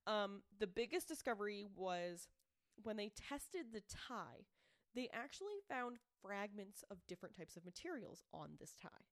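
Presenting a true-crime case on a podcast she co-hosts, a woman chats casually, voicing the quoted people with animation and leaning on "like" and "um." Her mid-range voice runs a little slow, and the studio-quality recording has no room sound.

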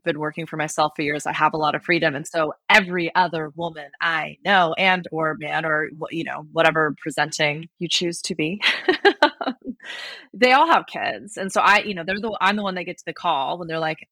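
A woman hosts a podcast in a low, gravelly voice with a sharp, bright edge. She chats casually and openly. The recording is dry and close. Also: fairly quick, few pauses, no echo. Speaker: podcast host. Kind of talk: casual interview chat.

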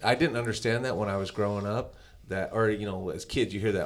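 A man's voice: lowish voice, fairly even intonation, fairly quick. A middle-aged man hosting a podcast, telling stories in a rambling, casual way. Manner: rambling storyteller. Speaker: podcast host. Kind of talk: casual conversation.

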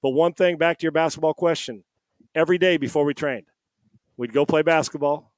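Animated middle-aged man telling stories. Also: a little high, fairly quick, no echo. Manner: animated storyteller, acts out quoted dialogue. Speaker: podcast guest. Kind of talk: casual storytelling. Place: home. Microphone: headset.

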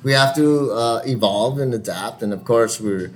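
A man co-hosting a casual podcast, joking and swearing, with loud bursts of laughter. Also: mid-range voice, normal speed. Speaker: podcast co-host.

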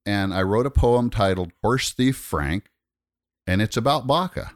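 A man's voice: lowish voice, measured pace, dry recording, studio quality. A middle-aged man telling a long, rambling story in casual conversation, restarting his sentences as he goes. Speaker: guest storyteller.

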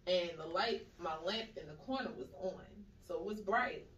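A woman in casual chat, telling dream stories in a slangy, animated way and acting out the voices she quotes. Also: lowish voice, moderate pace, highs cut off. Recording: echoey room, mic at a distance.

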